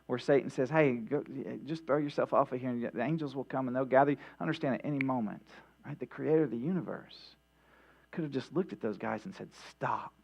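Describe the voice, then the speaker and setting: A pastor gives a midweek sermon in church, his medium-pitched voice gravelly and somewhat dark as he talks fairly quickly. He keeps it conversational, restarting often and tossing in "right?" asides. The recording is dull and lo-fi, with a mains hum.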